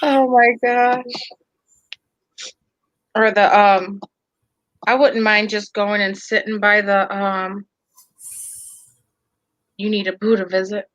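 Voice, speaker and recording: A woman co-hosting a casual chat podcast, telling animated stories, swearing freely and acting out the people she quotes. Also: mid-range voice, slow pace, pauses often, no echo, dull audio. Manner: animated storyteller, swears, acts out quotes loudly. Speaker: podcast co-host.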